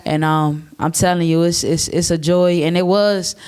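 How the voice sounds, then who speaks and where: A man's voice: fairly high pitch, steady tone, moderate pace, darkish tone, smooth. A man speaking casually to a live audience from a stage, loose, slangy and heartfelt. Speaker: panelist and community youth worker.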